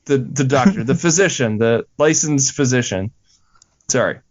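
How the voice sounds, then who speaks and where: A man's voice: medium pitch, animated, normal speed. A man co-hosting a podcast, chatting casually about a film, swearing freely and getting incredulous. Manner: exasperated, swears freely, rising to incredulous outbursts. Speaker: podcast co-host. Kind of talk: casual movie-review chat.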